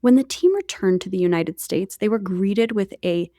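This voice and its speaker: A woman's voice: mid-range voice, moderate pace, warm tone, dry recording, studio quality. A woman co-hosting a podcast, telling a history story in a chatty way with jokey asides to her co-host.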